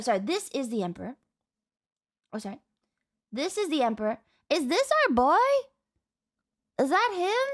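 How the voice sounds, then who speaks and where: A woman streamer chatting casually as she reacts, excitable and swearing freely. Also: sits high.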